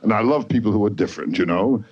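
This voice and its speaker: A man's voice: fairly low pitch, quick pace, breathy edge. A man hosting a comedy show, introducing the next comedian in a rambling, coaxing way. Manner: rambling, coaxing the crowd with repeated "okay?". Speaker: show host. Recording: dull lo-fi 1980s TV tape with loud crowd and hiss.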